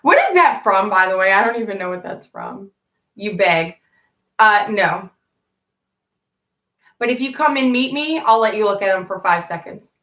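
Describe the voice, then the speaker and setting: A woman's voice: medium pitch, sing-song, moderate pace, pauses often, fairly bright tone, roomy sound. A woman telling candid stories to her live viewers in a rambling, casual way, swearing freely. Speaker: live streamer chatting with viewers. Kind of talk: casual storytelling to a live chat.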